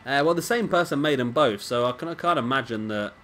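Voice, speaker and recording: A man's voice: mid-range voice, animated, quick pace, a bit bright, soft background music. A man giving casual, rambling commentary over a wrestling video game and often correcting himself. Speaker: gaming commentator.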